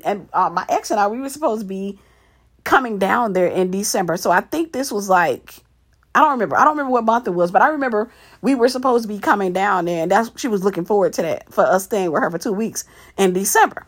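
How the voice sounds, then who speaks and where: Husky woman telling an emotional family story. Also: mid-range voice, expressive, fast. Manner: emotional, acts out quoted family dialogue; repeats "I said" often. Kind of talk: personal story told to camera.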